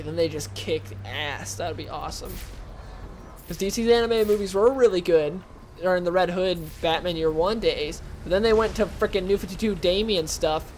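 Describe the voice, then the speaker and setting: In this relaxed gaming video, a young male channel host rambles and chats while playing and reacting to the game. He has a high voice, and the recording carries a little hiss or hum.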